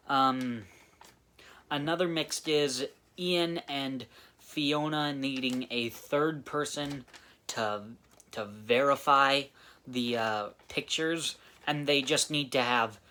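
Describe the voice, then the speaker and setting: Slow, halting male movie reviewer. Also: mid-range voice, bright, forceful tone. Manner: halting, restarts phrases often. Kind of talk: casual spoken film review.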